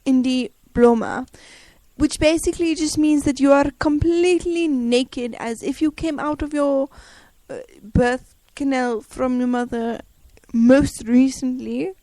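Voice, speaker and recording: A woman's voice: high-pitched, steady tone, unhurried, dark tone, no room sound. A woman from Africa, co-hosting a jokey podcast in a playful, rambling way. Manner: playful, rambling, mock-serious. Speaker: podcast co-host.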